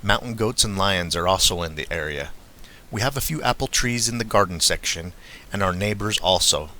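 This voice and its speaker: Low, bright-toned male narrator. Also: moderate pace. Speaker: narrator reading a witness account. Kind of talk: scripted first-person narration.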